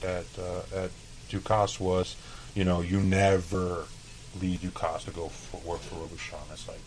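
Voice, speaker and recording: A man's voice: low voice, little pitch movement, measured pace, a little hiss or hum, low-quality recording. A man from El Paso, a chef and podcast guest, telling casual, profane stories and acting out past conversations. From El Paso, Texas. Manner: profane, laid-back, acts out dialogue. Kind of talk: casual interview storytelling.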